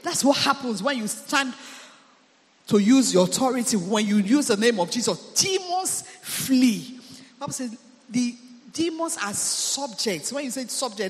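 A man preaches with a high voice. He drives his points home with emphatic repetition and frequent hallelujahs. A long hall reverb trails behind his sermon. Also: animated, a little slow. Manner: emphatic, repeats phrases, calls hallelujah. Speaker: preacher, deliverance minister.

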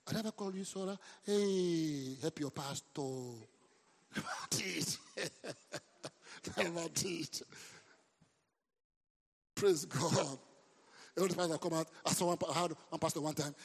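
A man preaching a sermon as a pastor. He speaks with lively emphasis, throws questions at the congregation and breaks into sudden shouts. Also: a little high, slightly rough. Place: church hall. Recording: long reverb of a large hall.

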